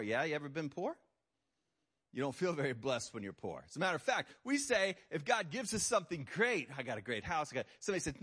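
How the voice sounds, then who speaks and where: A man preaching a sermon to his congregation. He swings between quiet, serious asides and loud, high, mocking voices for effect. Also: very animated, fairly quick, breathy edge. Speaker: pastor.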